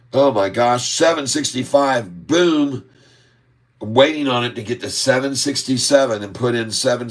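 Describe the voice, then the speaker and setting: A man with a lowish voice hosts a live stock-market stream, excitedly calling out price moves. He draws out sing-song chart calls and keeps addressing viewers as folks.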